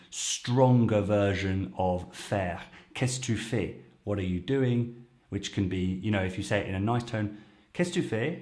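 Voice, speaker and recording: A native English-speaking man, a French teacher and show host, explains language clips to camera, patiently walking through phrases step by step. His voice is lowish with a darkish tone.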